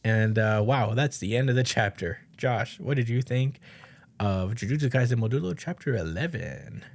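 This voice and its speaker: A man's voice: mid-range voice, lively intonation, moderate pace, gravelly. A man co-hosting a podcast, loosely recapping a comic chapter in casual chat, rambling with fillers and swearing. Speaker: podcast co-host.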